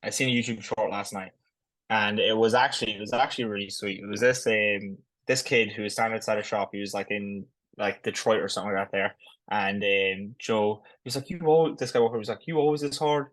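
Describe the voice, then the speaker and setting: A man co-hosting a podcast, talking in a quick, chatty way full of "like". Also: lowish voice, steady tone, fairly bright tone, no echo, rough recording. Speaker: podcast co-host. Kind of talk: casual chat.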